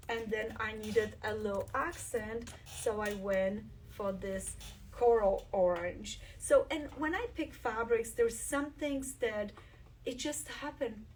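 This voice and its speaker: Enthusiastic quilting host, a bit off-mic. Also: female voice, fairly high pitch, a little mellow, recorded from a distance, a little hiss or hum. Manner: enthusiastic, shows fabrics while talking. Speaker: quilt designer hosting a live stream. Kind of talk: live craft demonstration.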